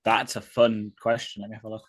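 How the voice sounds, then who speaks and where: Man, co-host, laid-back dry remarks, lowish pitch, close dry sound. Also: level tone, fairly quick, breathy edge, no room sound. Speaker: stream co-host. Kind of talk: casual live reaction chat.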